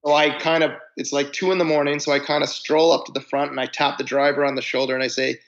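A gravelly-voiced man in his forties tells a tour story in a loose, rambling way. He restarts sentences and stretches words for emphasis. The audio sounds a little dull and lo-fi. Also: a little high, level tone, quick pace, hardly any pauses, fairly bright tone. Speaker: podcast guest, musician. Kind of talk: casual chat, storytelling.

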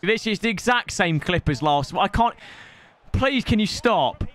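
A young man commentating live on a video game he is playing, excitable, teasing his opponent and breaking into shouts. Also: sits high, measured pace.

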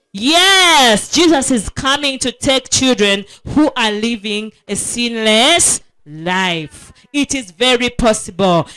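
A woman's voice: fairly high pitch, fairly bright tone. A woman preaching a children's sermon at a school prayer week, asking her listeners questions and repeating key words for emphasis. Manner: slow, emphatic, asks the audience questions. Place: school assembly.

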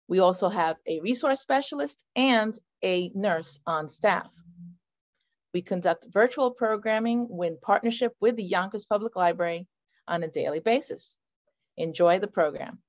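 A woman with a lowish voice gives a brisk, businesslike introduction as a program director. The audio is muffled and dull. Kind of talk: scripted introduction.

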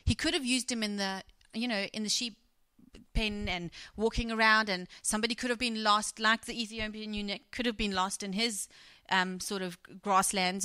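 A middle-aged woman preaches a sermon, retelling a story and acting out its quoted speech with lively emphasis. Her voice is medium in pitch, with no room sound.

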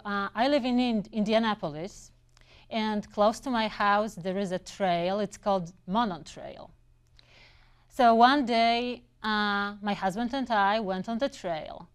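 Clear-voiced woman telling personal stories. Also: medium pitch. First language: not English. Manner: conversational, with brief restarts and fillers. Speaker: English instructor. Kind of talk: personal storytelling.

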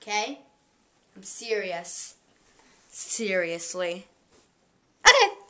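A woman's voice: mid-range voice, sing-song, extremely slow, bright, forceful tone. A girl hosting a casual home video, talking in a playful, self-mocking and joking way, recorded from a distance in an echoey room. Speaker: vlog host. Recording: echoey room, camera far off.

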